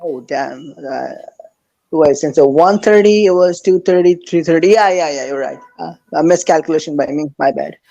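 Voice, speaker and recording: A man hosting a casual podcast chat, hesitant with lots of pauses and fillers, yet enthusiastic. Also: on the high side, creaky, dark tone, dull audio.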